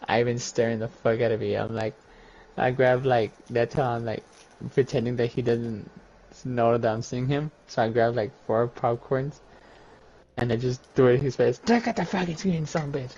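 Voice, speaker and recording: A man's voice: medium pitch, steady tone, normal speed, a little mellow, a little hiss or hum. A man in casual chat, telling a profane story between bursts of laughter. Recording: dull, muffled lo-fi audio.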